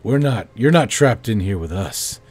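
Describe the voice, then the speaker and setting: A man's voice: lowish voice, lively intonation, normal speed, a little mellow, soft background music. A man casually commenting while playing a space-building game, joking around and muttering to himself. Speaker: gaming streamer.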